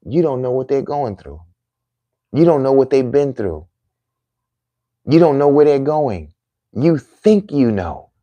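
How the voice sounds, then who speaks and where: Middle-aged man, mid pitch, earnest sermon-like talk to camera viewers, dead dry sound. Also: big pitch swings, a little slow, long pauses, warm tone, no room sound, muffled recording. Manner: preachy, emphatic, repetitive phrasing. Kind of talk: heartfelt monologue to viewers.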